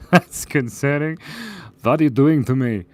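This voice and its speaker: A man's voice: fairly high pitch, expressive, slow. A young man hosting a live drawing stream, chatting playfully, giggling, and reading out viewer comments. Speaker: drawing livestream host. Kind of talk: casual live drawing chat.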